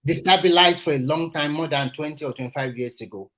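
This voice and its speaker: A man speaking as a guest on a political panel call, halting and restarting words as he argues his case. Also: fairly high pitch, fairly bright tone, low-quality recording. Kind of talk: heated political panel discussion.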